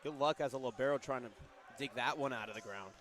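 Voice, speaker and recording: Male color analyst, medium pitch, laid-back and analytical, faint gym ambience. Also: fast talker, a little hiss or hum. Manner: relaxed analytical remarks with light humor. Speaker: color commentator. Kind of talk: basketball color commentary.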